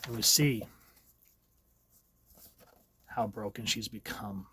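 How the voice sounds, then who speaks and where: A man's voice: lowish voice, slow, sharp tone, slight background noise. A man casually reviewing a comic book, chatty and a bit rambling as he recaps the pages.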